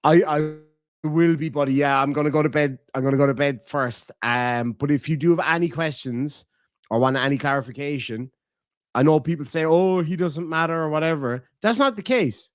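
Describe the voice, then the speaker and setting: This man from Ireland has a fairly high-pitched voice and talks briskly while hosting a casual stream, reading donations and cursing freely. He's blunt and animated, his volume rising and falling, captured in studio quality without room sound.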